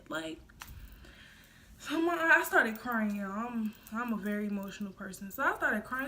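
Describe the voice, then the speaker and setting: A woman's voice: on the high side, big pitch swings, normal speed, bright, forceful tone. A young woman from the United States telling a casual storytime vlog into her phone, chatty and rambling, talking straight to her viewers. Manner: chatty and rambling, full of fillers, addresses viewers directly. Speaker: vlogger.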